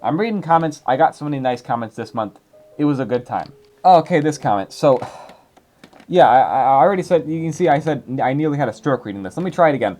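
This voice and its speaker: A man's voice: a little high, animated, fast talker, darkish tone. A young man in his twenties reading viewer comments in casual, rambling chat, full of fillers. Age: 20s. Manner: rambling, filler-heavy, chatty.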